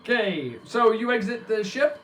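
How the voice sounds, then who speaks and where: A man narrating as game master of a tabletop role-playing game, animated and chatty. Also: high voice, moderate pace, a little hiss or hum.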